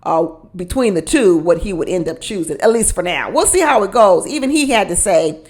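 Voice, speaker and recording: A woman's voice: mid-range voice, animated, a little fast, hardly any pauses, a little mellow. A woman chatting through a casual recap of a reality show, gossipy and talkative, speaking straight to her listeners. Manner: chatty and gossipy, addresses listeners as y'all, laughs often.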